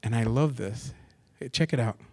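Preaching to a church assembly, this male pastor reads passages of scripture and offers his commentary at a normal pace. His mid-range voice swings from quiet asides up to bursts of excitement.

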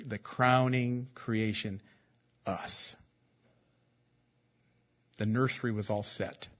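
A man's voice: medium pitch, breathy edge, lo-fi sound. A man preaching a sermon as pastor, in a conversational, joking style that repeats key phrases.

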